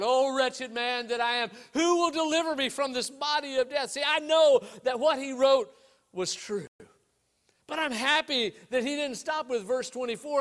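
High-voiced preacher man, dramatic swings. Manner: storytelling, rhetorical questions, swings between loud emphasis and hushed lows. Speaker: pastor. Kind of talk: sermon.

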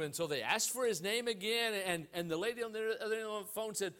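A man preaching a sermon, telling anecdotes with wide swings in pitch and loudness. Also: quick pace, few pauses. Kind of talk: sermon with storytelling.

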